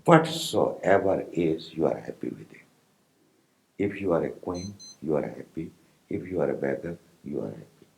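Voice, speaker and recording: Deep-voiced Indian spiritual teacher, lively. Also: male voice, gravelly, rough recording. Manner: slow, pausing, rhetorical questions to listeners. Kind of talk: spiritual discourse to meditators.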